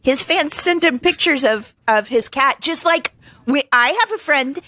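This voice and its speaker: Brief: young woman co-host, bright voice pitched a bit high, dry close sound, giggly chatter. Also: measured pace, no room sound. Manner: giggly and animated, laughs often. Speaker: podcast co-host. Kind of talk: casual chat, reading news stories aloud.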